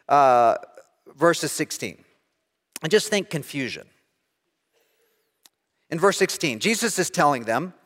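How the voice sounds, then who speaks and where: Animated man preaching in a church hall. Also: fairly high pitch. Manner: storytelling, self-deprecating, animated delivery. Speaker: pastor. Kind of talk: sermon. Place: church sanctuary.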